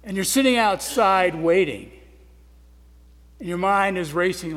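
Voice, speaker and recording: Speaking a little slowly and leaving long pauses, a high-voiced man preaches with earnest intensity. Loud emphatic moments give way to soft asides, and the sound echoes with the long reverb of a spacious hall.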